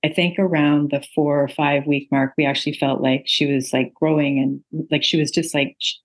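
A woman's voice: deep voice, flat delivery, moderate pace, rough recording. A middle-aged woman, an author and interview guest, telling a personal story earnestly with many ums and uhs. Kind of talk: interview conversation.

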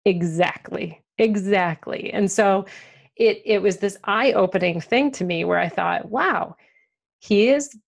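A woman's voice: mid-range voice, unhurried, gravelly. A woman author and entrepreneur talking candidly in an interview, laughing often and using lots of fillers. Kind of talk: conversational interview.

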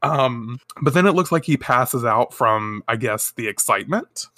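This is a podcast host in casual chat, recapping a comic with a playful, irreverent streak. The voice rises and falls with lively variation at a middling pitch. It is recorded close and completely dry. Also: moderate pace, no room sound. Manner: playful, irreverent, laughs often, swears.

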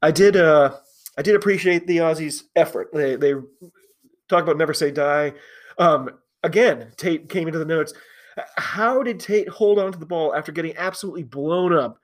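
A man's voice: on the high side, normal speed. A man hosting a solo podcast, chatty and opinionated, with frequent fillers and restarts. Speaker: podcast host. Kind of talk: casual solo commentary.

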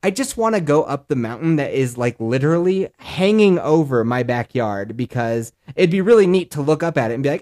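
A man's voice: fairly high pitch, sing-song, a little fast, few pauses, a little mellow. A man in his thirties from the Colorado mountains, hosting a podcast and telling a rambling, profane story in casual chat. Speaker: podcast host.

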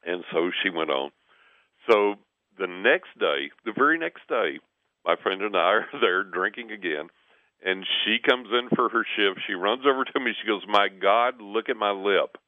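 A man telling stories in a relaxed conversation, lively as he acts out what others said. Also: lowish voice, normal speed, no room sound. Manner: animated storyteller, acts out quoted voices. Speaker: guest. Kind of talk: conversational storytelling. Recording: tinny phone line.

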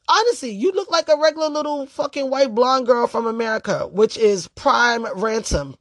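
Brief: a profane, emphatic storyteller talking straight to camera at a mid pitch, with a dry, close sound. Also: animated, moderate pace, few pauses, no room sound. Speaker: storytelling vlogger. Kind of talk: casual storytime monologue.

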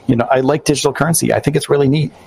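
A man's voice: medium pitch, steady tone, racing, gravelly, a little mellow, a little hiss or hum, rough recording. A man hosting a podcast, chatting casually, rambling with loose restarts and fillers. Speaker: podcast host. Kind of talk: casual live-stream chat. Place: New York.

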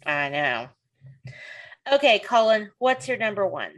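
Lively, chatty woman podcast host. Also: medium pitch, measured pace. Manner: laughs often, lively and chatty. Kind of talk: casual podcast chat.

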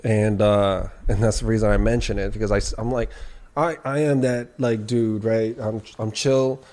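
A man's voice: fairly low pitch, normal speed. Laid-back man telling a story. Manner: animated storytelling with slang and restarts. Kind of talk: casual chat.

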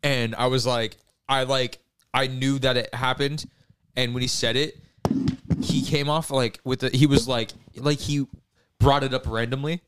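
A man's voice: mid-range voice, steady tone, unhurried, a bit bright, clear, resonant tone. A young man co-hosting a podcast, telling jokes in rambling, swearing casual chat. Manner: rambling, swearing, laughing storyteller. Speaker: podcast co-host.

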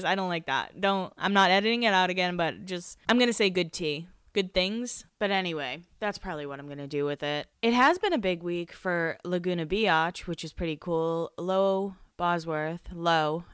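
A woman's voice: on the low side, fairly bright tone, clean tone, no room sound, clean studio sound. A woman hosting a podcast, recapping in casual chat, rambling, swearing and laughing at herself. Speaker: podcast host.

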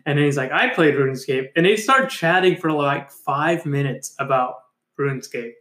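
A man's voice: fairly high pitch, normal speed, sharp tone. A man co-hosting a casual podcast chat, teasing his co-host and telling stories with casual swearing. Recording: echoey room sound.

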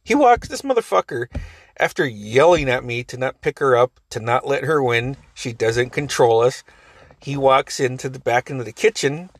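A man's voice: medium pitch, lively intonation, normal speed, no room sound. A man in his forties casually telling a family story, rambling, cursing and laughing often.

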